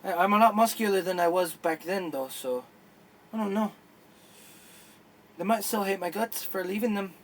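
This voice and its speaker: A man voicing an excitable adventurer returning to his home, speaking a little higher and stammering. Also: normal speed, pauses often, slight background noise, lightly acted. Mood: wistful.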